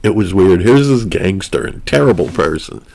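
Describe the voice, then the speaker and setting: A man's voice: deep voice, expressive, normal speed, creaky, warm tone. A man telling a long personal story in a wry, rambling way, full of asides. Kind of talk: casual storytelling.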